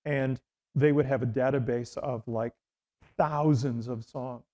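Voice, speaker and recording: This middle-aged Canadian man, once a radio host, speaks in a mid-range, somewhat dark voice that stays steady and unhurried. He tells rambling anecdotes in a casual interview, restarting often and leaning on fillers.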